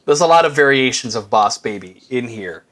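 A man's voice: medium pitch, lively intonation, brisk, a bit bright. A man co-hosting a movie review podcast, talking in a wry, joking way with plenty of fillers. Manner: wry, dry humor with frequent fillers. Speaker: podcast co-host. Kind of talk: casual movie review chat.

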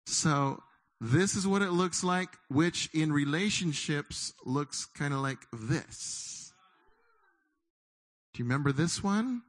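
Middle-aged male pastor, lively conversational sermon, slips into acted inner voices. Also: fairly high pitch, slow pace. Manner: animated, acts out inner voices of listeners.

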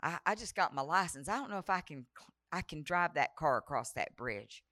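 A woman's voice: deep voice, animated, brisk, bright, forceful tone, no echo, studio quality. A woman preaching a revival sermon, telling a personal story with dramatic flair and acting out the dialogue. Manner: dramatic, breaks into sung prayer, acts out quoted dialogue.

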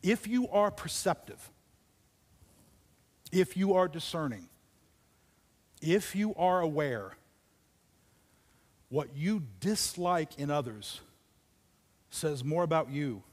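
A man preaching a sermon, telling a story with dramatic pauses and dropping to near whispers for emphasis. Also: on the high side, lively intonation, long reverb tail. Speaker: pastor. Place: church auditorium.

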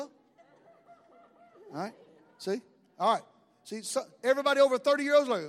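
A man's voice: high voice, normal speed, pauses often, in a large hall. A man preaching a sermon, conversational, joking with the congregation in asides. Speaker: pastor.

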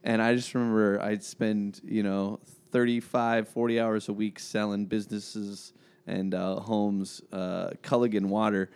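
A man's voice: lowish voice, level tone, unhurried, a little mellow, clear, resonant tone. A man, a pastor, hosting a podcast chat in a friendly, joking way and laughing along with his guests. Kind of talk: casual podcast conversation.

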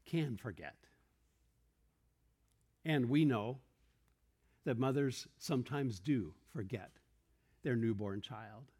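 A man's voice: medium pitch, a little mellow, husky. Earnest man preaching to a room. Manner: earnest, explanatory, with rhetorical questions and quoted verses. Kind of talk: sermon. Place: church room with a congregation.

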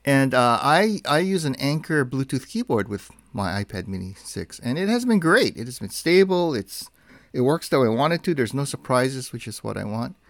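A man chats casually about gadgets as a podcast co-host, his voice gravelly and his pitch bouncing around a lot. He rambles and restarts his sentences with plenty of fillers. The sound is dry and close. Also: sing-song, moderate pace, no echo. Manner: chatty, rambling, self-correcting with many fillers. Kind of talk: casual tech chat.

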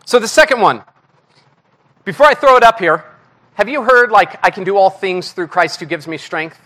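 Bright, high-voiced man preaching candidly. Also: normal speed. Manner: candid, self-deprecating, animated. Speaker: guest preacher. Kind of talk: conversational sermon.

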